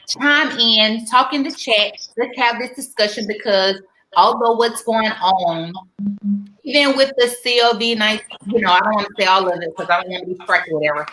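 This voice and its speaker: A woman hosting a live stream, chatting casually and greeting viewers, animated and silly, getting loud when excited. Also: on the high side, roomy sound, poor audio.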